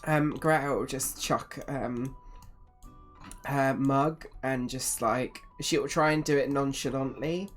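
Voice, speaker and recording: Blunt low-voiced woman player. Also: takes it slowly, soft background music. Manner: blunt, opinionated, swears freely. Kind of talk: casual chat in a tabletop game.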